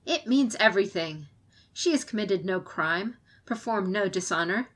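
Fierce defiant samurai woman, impassioned, forceful pleading, raised voice, audiobook role a woman reads out. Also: mid-range voice, expressive, moderate pace. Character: fierce female samurai advisor, defiant, passionate.

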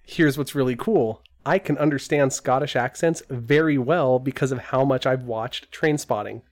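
A man's voice: mid-range voice, normal speed, darkish tone, no echo, clean studio sound. A man co-hosting a podcast in casual chat, rambling with jokey asides. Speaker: podcast co-host.

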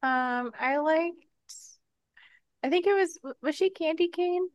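A woman's voice: high-pitched, unhurried, dry recording. A woman in a casual movie discussion, hesitant and stammering, laughing as she talks. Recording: dull, dry sound.

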